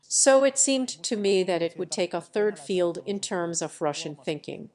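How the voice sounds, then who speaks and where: A woman reading a translated lecture and its audience questions, in an even, measured way, announcing each question and answer. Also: on the low side. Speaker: narrator voicing a lecture Q&A.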